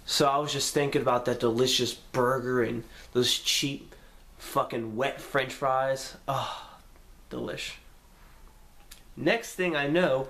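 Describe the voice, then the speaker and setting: A young man telling a story to the camera in a casual, profane way, acting out his own lines with sudden jumps in pitch. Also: fairly bright tone. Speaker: vlogger.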